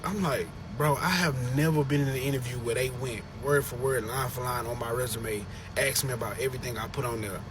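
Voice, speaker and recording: A man's voice: medium pitch, fairly even intonation, brisk, few pauses, a crowd in the background. A man telling a comic story about a job interview, exaggerating and swearing for emphasis.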